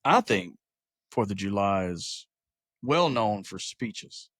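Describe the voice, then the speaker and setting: A man co-hosting a podcast in relaxed casual chat, enthusiastic with lots of hesitant fillers. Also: on the low side, slow pace, dry recording, studio quality. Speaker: podcast co-host. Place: podcast studio filmed on camera.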